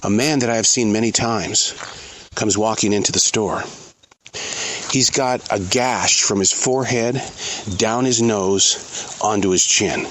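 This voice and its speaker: A middle-aged man hosting his own show, speaking in an earnest, halting, reflective way while out in a forest. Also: fairly low pitch, a bit bright, slight background noise, low-quality recording. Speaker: podcast host. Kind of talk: reflective spoken monologue. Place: outdoors in a forest.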